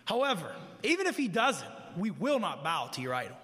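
A man delivers an earnest sermon in a high, bright voice, talking plainly to the people in front of him. He drives points home by repeating them. His voice carries a long hall reverb. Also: big pitch swings, fairly quick. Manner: earnest, conversational preaching with repetition. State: living with heart disease, tires easily. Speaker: preacher. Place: room with an audience.

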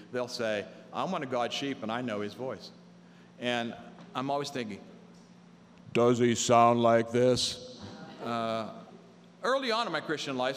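A man's voice: mid-range voice, fairly bright tone, in a large hall, slight background noise. A man preaching a conversational sermon, telling stories and mimicking other people's voices for humor. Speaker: pastor.

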